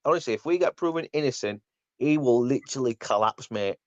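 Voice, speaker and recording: A man's voice: medium pitch, lively intonation, fairly quick, dry recording, highs cut off. A man hosting a casual football podcast, blunt and mocking as he rants. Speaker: podcast host.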